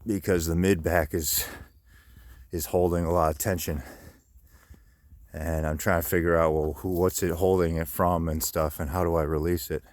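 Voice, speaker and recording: A middle-aged man talks into a handheld phone in a loose, rambling way, cursing freely and tripping over restarts. His voice sits very low, and the sound is dry and close. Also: level tone, moderate pace, darkish tone, no room sound. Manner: rambling, profane, lots of restarts and fillers. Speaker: vlogger. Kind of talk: casual rambling monologue.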